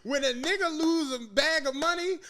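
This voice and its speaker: Man, high bright voice, lively pitch, animated storytelling, laughs a lot, profane. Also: moderate pace, faint music behind. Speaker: podcast guest telling a story. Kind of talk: casual storytelling among friends.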